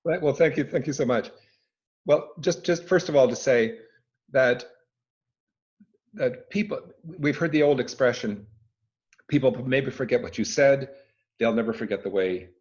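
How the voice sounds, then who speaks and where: A man in his living room speaking on a video call, an expert answering interview questions with emphatic, expressive delivery and frequent restarts. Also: medium pitch. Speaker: speaking coach and former conductor. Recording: dull lo-fi video call audio.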